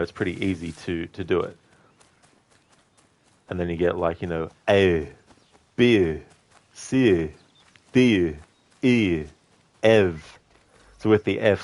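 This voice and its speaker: Chatty Australian man with a low voice. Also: no room sound. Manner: chatty and relaxed, with frequent "you know" fillers. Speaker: gaming streamer. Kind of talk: casual gameplay commentary, reading chat.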